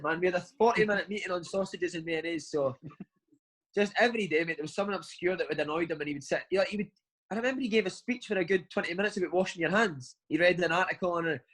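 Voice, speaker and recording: Slightly high and a bit bright, the footballer's voice comes through a low-quality recording. In a casual interview he tells drawn-out anecdotes, forever calling everyone "mate."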